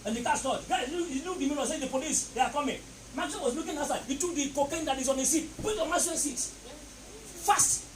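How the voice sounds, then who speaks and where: Preacher, echoey hall, far mic. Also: male voice, very high voice, quick pace. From Nigeria. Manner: emphatic, repeating phrases and leading call-and-response. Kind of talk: sermon. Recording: echoey, distant mic, noisy.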